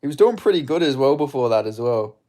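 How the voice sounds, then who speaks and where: Excitable man doing fight watch-along commentary. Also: mid-range voice, fast talker. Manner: excitable, swearing, chatty with viewers. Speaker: streamer.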